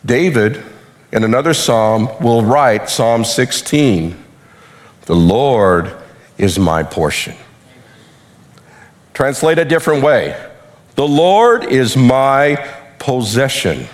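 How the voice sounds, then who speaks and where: A man preaching a sermon with animated delivery, acting out quotes, while losing his voice. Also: medium pitch, slow, pauses often. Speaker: pastor.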